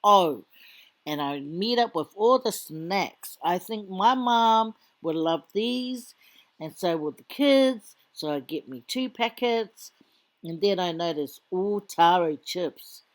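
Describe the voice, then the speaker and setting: A woman's voice: fairly low pitch, lively intonation, slow. A middle-aged woman, a mother, doing a casual, playful voiceover for her shopping vlog with teasing asides. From Samoan community in Australia. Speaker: vlogger, mother. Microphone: voiceover mic.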